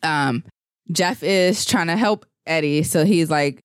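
With a fairly high, clear and resonant voice, this man takes his time retelling a movie's plot on a podcast he co-hosts. He rambles casually and performs the characters' lines, recorded dry in studio quality.

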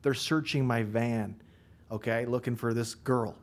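A man's voice: medium pitch, fairly even intonation, measured pace. Cursing, laughing man telling a story. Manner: swears freely, laughs mid-story. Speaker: podcast guest, contractor. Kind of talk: casual storytelling.

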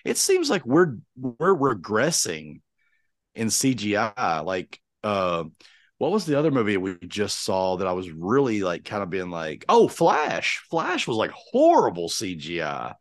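A man's voice: on the low side, wildly swooping pitch, unhurried, dry recording, studio quality. A man in his forties co-hosting a podcast in casual chat, rambling with many fillers and restarts. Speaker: podcast co-host.

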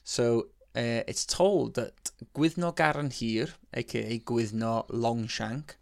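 A young Welsh man with a gravelly, creaky voice trades sweary, laughing banter with a friend on a podcast. His pitch sits in a middling range. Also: fairly even intonation, slow pace, no echo, clean studio sound. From Wales. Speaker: podcast co-host. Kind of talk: casual chat.

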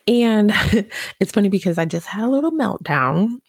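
A woman's voice: medium pitch, lively intonation, moderate pace, husky, no room sound, clean studio sound. A young woman, a mother, chatting casually in a motivational vlog, laughing and telling a story with dramatic flair. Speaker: vlogger, mother.

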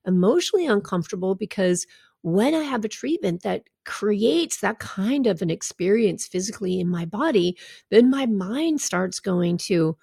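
Gravelly-voiced woman coach, candid talk. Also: medium pitch, lively intonation, a little slow, no room sound, clean studio sound. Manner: warm, candid, conversational with asides and laughs. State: recovering from a draining treatment. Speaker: health coach. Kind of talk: casual personal talk to followers.

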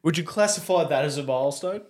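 Laid-back young bloke. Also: male voice, fairly high pitch, quick pace, darkish tone. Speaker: podcast guest. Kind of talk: casual chat.

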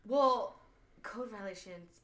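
A young woman bartender guesting on a podcast, telling animated stories in casual chat and laughing often. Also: mid-range voice, slow pace.

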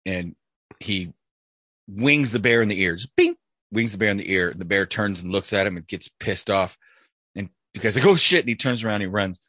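A man's voice: on the low side, fairly even intonation, normal speed, pushed and bright, no echo. A man co-hosting a podcast, telling a long joke in a laid-back way. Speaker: podcast host. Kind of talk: casual podcast banter.

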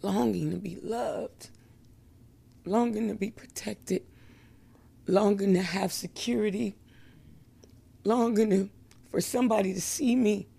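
A woman giving a slow, emotional personal faith testimony, with many pauses and fillers and frequent laughter. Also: mid-range voice, steady tone, vocal fry, dark tone, slightly rough.

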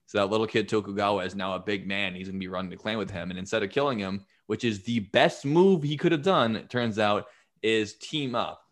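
A man's voice: fairly low pitch, fairly quick. A man casually retelling history on a podcast, swearing freely and acting out what people said. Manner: profane, animated retelling with acted-out quotes. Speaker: podcast host telling history. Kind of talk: casual storytelling chat.

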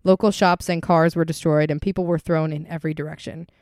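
A woman with a stuffy, congested voice hosts a relaxed true-crime podcast, reading her notes and tripping over names now and then. Her tone stays smooth and clean despite the cold, recorded close and dry with no room sound. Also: low voice, fairly quick, no room sound. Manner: laughs often, stumbles over place names. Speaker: podcast co-host.

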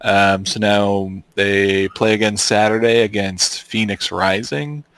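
Male podcast co-host, low voice, relaxed and halting. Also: clean tone. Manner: laid-back, hesitant, many ums. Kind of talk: casual sports chat.

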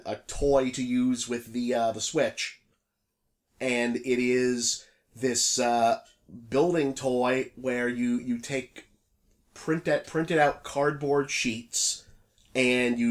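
A laid-back man co-hosting a casual podcast. He mostly answers in short agreeing replies and explains things in an easy, unhurried way. His voice is mid-range in pitch. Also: fairly even intonation. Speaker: podcast co-host. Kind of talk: casual chat.

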